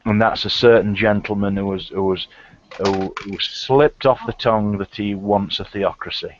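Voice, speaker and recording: Blunt low-voiced man, noisy lo-fi line. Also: steady tone, moderate pace. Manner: blunt, crude. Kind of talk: casual banter. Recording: lo-fi call audio with faint noise.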